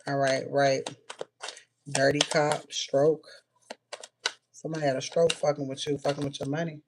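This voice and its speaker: Woman, spiritual reader, flat delivery, clear noise and keyboard clicks behind her. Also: low-pitched. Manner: rapid-fire blunt messages, frequent "all right" and cursing. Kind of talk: casual intuitive reading to viewers.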